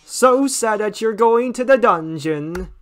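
Man reads flamboyant robot showman, slow, sing-song, melodramatic, game tune underneath. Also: sits high, animated, a bit bright, soft background music, voice pushed up, exaggerated voice. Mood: theatrical. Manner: theatrical, drawn-out, mock-tragic.

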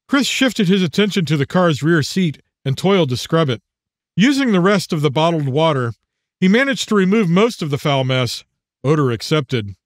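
A man's voice: a little high, dry recording. Man narrating an audiobook, dry sound. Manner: measured, even storytelling. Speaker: author narrating own audiobook.

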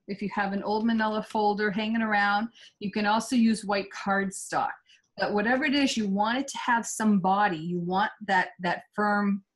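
A woman's voice: mid-range voice, rough recording. Woman craft teacher, live demo, loose and talkative. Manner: chatty and digressive. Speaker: art instructor. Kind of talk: live painting demonstration.

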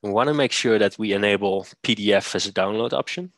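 A man presenting a software demo, walking through steps methodically with occasional fillers. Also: lowish voice, fast, no room sound. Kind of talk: screen-share software demo.

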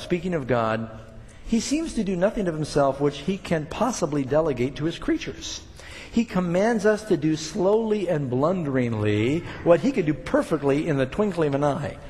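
A man's voice: a little high, big pitch swings, moderate pace, a little mellow, big-room sound. An older man preaching a sermon, talking casually to the congregation and building up emphatic points. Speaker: pastor.

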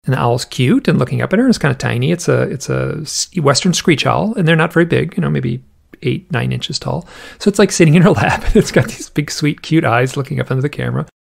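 This guest's voice is medium-pitched, expressive and gravelly, and he talks at a quick pace. Rambling casually through a story, he peppers it with "like" and performs the quoted voices of its characters.

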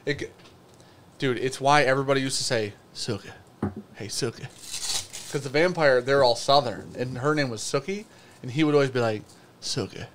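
A man's voice: medium pitch, a little fast, a bit bright, a little hiss or hum. A man co-hosting a live whiskey show, chatting casually in a loose, joking, rambling way. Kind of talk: casual live-stream chat.

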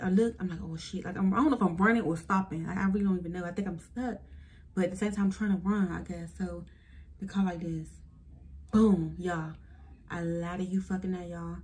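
A young woman telling a story to her viewers in a casual vlog, animated and profane, speaking straight to the audience. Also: lowish voice. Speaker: vlogger.

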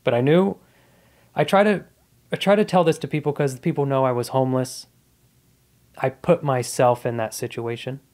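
A man's voice: mid-range voice, steady tone, normal speed, long pauses, darkish tone. A man in his thirties, a comedian guest on a podcast, telling his life story in a casual, earnest and reflective way.

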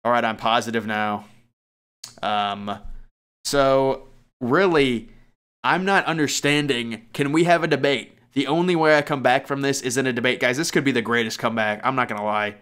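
Young man, gaming youtuber, rambling, excitable, self-mocking commentary. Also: medium pitch, moderate pace, smooth. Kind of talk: casual gameplay commentary.

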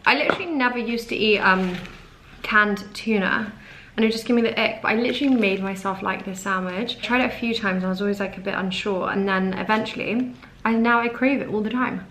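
A woman's voice: mid-range voice, brisk, a bit bright, a little hiss or hum. Chatty young woman vlogging at home. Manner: chatty, says "like" often, gushing. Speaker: fashion vlogger. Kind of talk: casual vlog chat to camera. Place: at home indoors.

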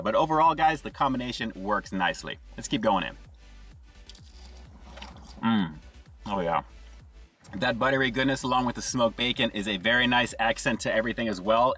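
A man's voice: mid-range voice, a bit bright, far from the mic. A man giving an enthusiastic casual food review, chatting to viewers and calling them "guys" as he tastes. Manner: enthusiastic, repeats "guys" and "action".

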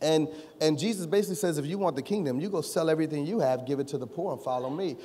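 A male pastor preaching a sermon, joking with the congregation and rising to shouts. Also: on the high side, fast talker, slightly rough. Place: church sanctuary. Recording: long reverb of a church hall.

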